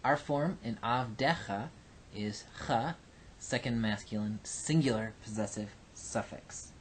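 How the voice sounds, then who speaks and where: A man lecturing slowly and patiently, stopping often with small fillers as he works through each point. His voice sits at an ordinary middle pitch. A faint hum runs under the recording. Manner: slow, patient explaining with fillers. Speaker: teacher.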